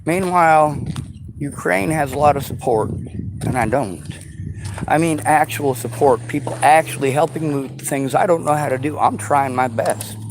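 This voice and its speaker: A man ranting to his viewers, sarcastic and profane, slipping into mocking high voices, with a faint background hiss. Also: normal speed. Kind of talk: angry rant to viewers. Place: vehicle.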